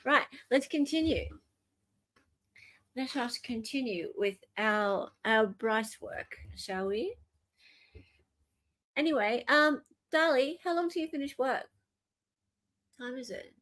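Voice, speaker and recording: A woman's voice: high-pitched, lively intonation, slow, long pauses, a bit bright. A woman with an Australian accent hosting a live stream, chatting playfully with her viewers. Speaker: livestream host. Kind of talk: casual live commentary.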